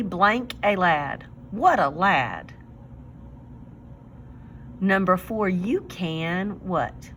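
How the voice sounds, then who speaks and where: A woman teacher giving a recorded reading lesson to young children, sounding out words slowly and clearly. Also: lowish voice, a bit bright, a little hiss or hum.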